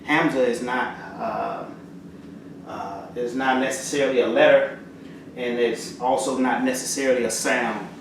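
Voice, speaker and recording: A man teaching the Arabic alphabet in a halting, casual way, with lots of fillers and slow, clear letter drills. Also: mid-range voice, fairly even intonation. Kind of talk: casual spoken lesson. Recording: roomy echo from far off, audible noise.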